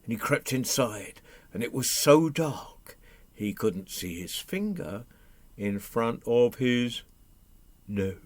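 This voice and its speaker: A man telling a folk tale to families, animated, asking the audience questions and doing animal noises. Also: mid-range voice, takes it slowly, dry recording. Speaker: storyteller. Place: home, online session.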